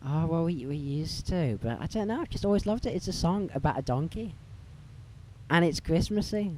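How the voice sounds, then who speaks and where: A man's voice: a little high, expressive, moderate pace, darkish tone, slight background noise. A man hosting a casual chat, exclaiming often. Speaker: channel host.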